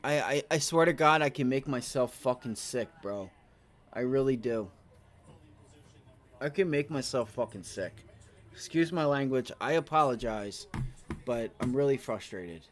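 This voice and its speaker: A man's voice: medium pitch, expressive, measured pace, pauses often. A man streaming live day trades, venting with profanity and repeating himself in short bursts as he watches the chart. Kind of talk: live trading commentary.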